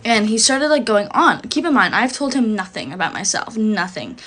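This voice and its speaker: A woman's voice: mid-range voice, expressive, moderate pace, a bit bright, husky. Chatty young woman telling a storytime. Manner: chatty, fills every phrase with "like". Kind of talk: casual storytime vlog.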